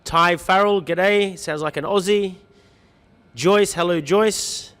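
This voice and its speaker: His voice is high-pitched and a bit bright, and he speaks slowly in what sounds like a large hall. The man is a livestream host going through viewer comments, saying hello to people by name with light jokes in an upbeat, chatty way.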